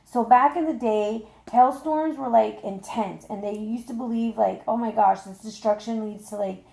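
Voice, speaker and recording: A woman doing a casual tarot reading, her voice pitched a little high with a gravelly, creaky edge. She speaks emphatically and colloquially, talking straight to her viewers. The recording sounds echoey and roomy. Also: moderate pace, mellow. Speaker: tarot reader. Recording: echoey room.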